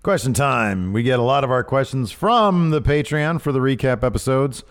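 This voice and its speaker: A man's voice: mid-range voice, a little fast, clear, resonant tone. A man co-hosting a casual podcast, chatting and reading out listener questions with emphasis. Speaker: podcast co-host. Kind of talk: casual wrestling podcast chat.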